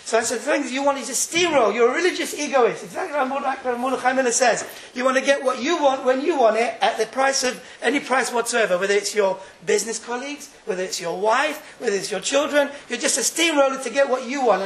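A man giving an informal Torah class, telling stories in an animated way and laughing often. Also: sits high, quick pace, roomy sound, a little hiss or hum, low-quality recording. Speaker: Torah teacher.

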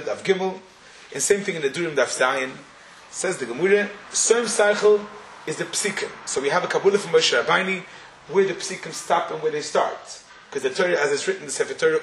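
A man's voice: high voice, a bit bright. A man giving a Torah class in a synagogue, explaining step by step and chanting verses aloud. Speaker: Torah teacher. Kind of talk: lecture-style shiur. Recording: echoey room with faint noise.

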